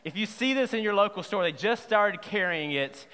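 A man preaching a sermon in a playful, lively way, quizzing his audience as he goes. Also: high-pitched, normal speed, smooth, in a large hall. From Southern United States. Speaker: pastor.

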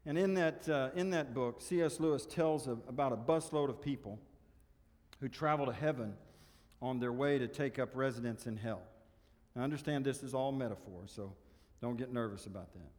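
A man preaching a sermon, earnest and exhorting, often dropping softer to drive a point home. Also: mid-range voice, normal speed, big-room sound. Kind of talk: sermon with story reading.

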